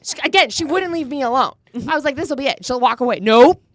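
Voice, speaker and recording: Her voice sits high and she's a fast talker, captured in a dry recording. She's a podcast co-host from Florida, in her thirties, chatting casually about politics and vividly performing both sides of a dispute as she recounts it.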